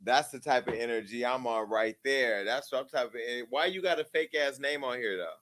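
A man's voice: medium pitch, brisk, a bit bright. A man hosting a live call-in show, brash and joking, talking to callers bluntly. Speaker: host.

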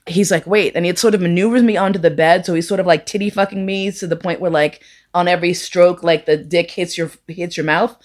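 Profane, animated woman storyteller with a lower voice. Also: brisk. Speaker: storyteller guest. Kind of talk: live bawdy storytelling.

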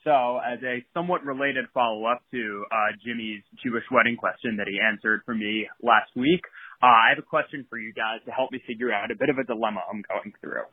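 Husky man on a tinny phone voicemail. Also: mid-range voice, moderate pace, no echo. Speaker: caller leaving a voicemail. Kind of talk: voicemail question.

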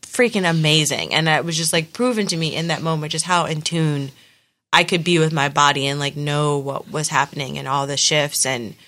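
Bright, forceful, young woman, lively chatty storytelling, casual. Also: low-pitched, normal speed. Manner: animated storytelling with many fillers. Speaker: podcast guest telling her birth story. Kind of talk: casual chat.

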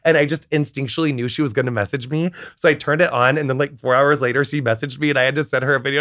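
A man's voice: medium pitch, racing, hardly any pauses, no room sound, studio quality. An American man chatting as a podcast guest, telling stories in a rambling way full of fillers. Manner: rambling, full of "like", animated storytelling. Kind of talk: casual chat.

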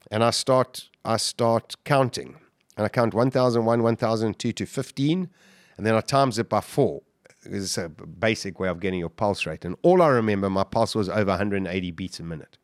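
A man's voice: fairly low pitch, dry recording, clean studio sound. A middle-aged man, a podcast guest, telling a survival story intensely and vividly, acting out his own quotes. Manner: animated, vivid retelling with acted-out quotes.

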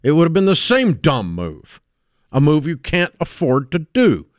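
A man's voice: fairly high pitch, wildly swooping pitch, unhurried, dry recording, studio quality. A man with a Southern American accent hosting a call-in advice radio show, blunt and scolding with heavy emphasis.

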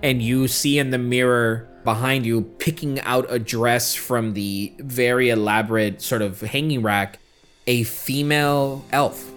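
A man running a tabletop game, narrating with slow, dramatic emphasis in a mid-pitched voice. Light music plays faintly underneath. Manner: slow, dramatic scene-setting. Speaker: game master.

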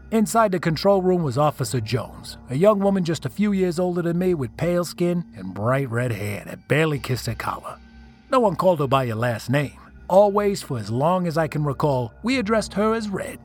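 A man reading a first-person horror story as a scripted narration, telling it dramatically and swelling on the tense moments. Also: fairly high pitch.

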